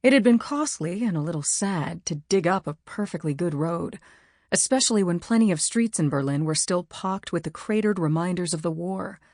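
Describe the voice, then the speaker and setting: A woman reading an audiobook in measured, wry scripted narration. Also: lowish voice, a little mellow, no room sound, studio quality.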